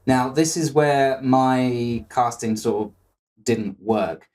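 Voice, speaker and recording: A man co-hosting a podcast in casual chat, playful and quick to riff into jokes. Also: medium pitch, steady tone, a little mellow. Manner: playful, riffs into bits. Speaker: podcast co-host.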